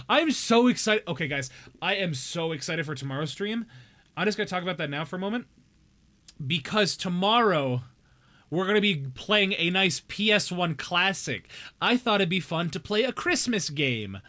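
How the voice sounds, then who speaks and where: A young man on a gaming live stream chats casually with viewers in a playful, joking way, addressing chat directly with bouts of mock outrage. His voice is on the high side with a sharp tone.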